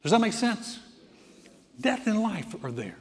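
A man, a pastor preaching a sermon, animated and repeating phrases for emphasis. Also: high-pitched, a little slow. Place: large church hall. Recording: reverberant hall.

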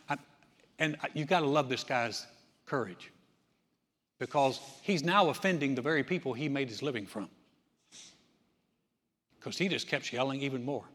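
A man preaching a sermon, animated, acting out scenes with loud cries and asides. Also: fairly high pitch. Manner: animated, acts out voices with shouts. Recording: echoey hall.

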